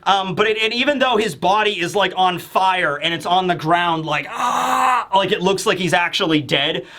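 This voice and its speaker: Animated high-voiced male reviewer. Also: normal speed. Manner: animated, acts out characters. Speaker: manga reviewer. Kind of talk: casual manga review chat.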